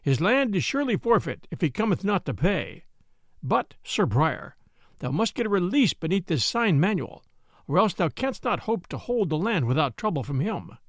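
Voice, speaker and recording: Man playing a wizened old lawyer, dry husky voice, smooth and sly, gravelly, dry close sound. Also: high voice, sing-song, moderate pace, no echo, heavily acted.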